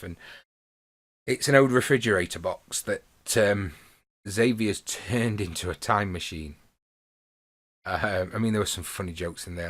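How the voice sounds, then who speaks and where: A man's voice: fairly low pitch, fairly bright tone. A man hosting a podcast, rambling casually through a wrestling review and laughing as he retells the funny bits. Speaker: podcast host.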